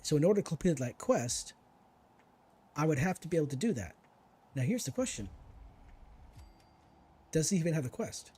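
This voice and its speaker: A male streamer talks through his game in a loose, chatty way, needling the enemies and musing aloud. His voice is husky and mellow, and his pitch swings widely as he reacts. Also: very animated, normal speed, pauses often. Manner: chatty, talks to himself and to enemies while playing. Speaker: gaming streamer. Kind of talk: casual let's-play commentary.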